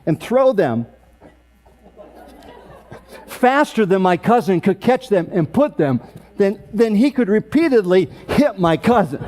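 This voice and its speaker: A man in his sixties emcees an awards event, telling a family story with deadpan comic timing. His voice sits a touch high for a man. A faint mains hum runs under it.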